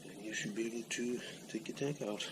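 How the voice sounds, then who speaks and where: Deep-voiced man breathing hard in a garage. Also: brisk. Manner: plain-spoken, talks while working with his hands. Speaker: home mechanic. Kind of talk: casual how-to demonstration. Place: home garage. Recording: noisy garage recording.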